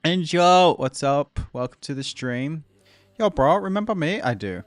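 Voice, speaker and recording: A man's voice: fairly high pitch, animated, measured pace, dry recording. Rambling young Australian man streaming. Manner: rambling, laughs often, greets chat by name. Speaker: live streamer. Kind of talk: casual live-stream chat. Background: faint background music.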